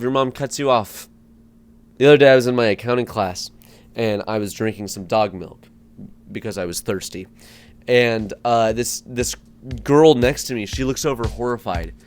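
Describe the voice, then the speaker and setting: A young man doing stand-up, deadpan with sudden loud outbursts and repeated word stumbles. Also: mid-range voice. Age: young adult. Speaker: comedian and street interviewer. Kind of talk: stand-up comedy.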